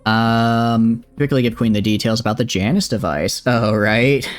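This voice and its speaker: A man's voice: mid-range voice, measured pace, soft background music. A man with a Southern accent, chatting and joking while streaming a space game and reading its text aloud. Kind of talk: livestream gameplay commentary.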